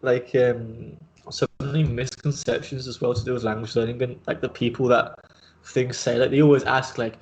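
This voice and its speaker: Male host, mid-pitched, casual and rambling, lots of "like" and "um". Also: fairly even intonation, fairly quick, highs cut off. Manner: rambling, many fillers and restarts. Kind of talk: casual video chat interview.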